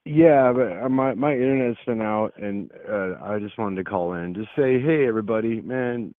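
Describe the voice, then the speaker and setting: A man's voice: medium pitch, no echo. A man calling in to a live show, talking in a laid-back, easygoing, rambling way. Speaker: caller. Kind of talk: casual call-in chat. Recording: tinny dry phone line.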